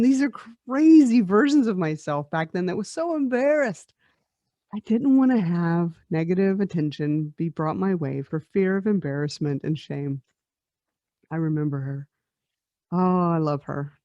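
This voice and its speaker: A woman's voice: lowish voice, warm tone, dry recording. A woman in her forties, a podcast host and life coach, telling a personal spiritual story in a reflective way, often laughing and repeating words. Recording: dull lo-fi dry recording.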